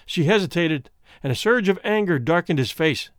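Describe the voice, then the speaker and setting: Male storyteller, audiobook narration, pitch moving widely, dry close recording. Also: expressive, moderate pace, clear, resonant tone, no echo.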